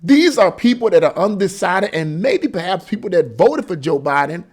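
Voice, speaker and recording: A man's voice: high voice, big pitch swings, normal speed, darkish tone. A man giving an emphatic, repetitive opinion monologue as a political commentator.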